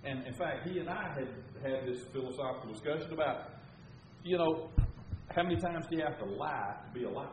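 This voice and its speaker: A man's voice: mid-range voice, expressive, fairly quick, distant mic, background noise. An older man, preaching and telling a story in a folksy, rambling way that builds to fervor. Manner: folksy, rambling, grows loud and fervent. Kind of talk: sermon storytelling. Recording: roomy, dull sound.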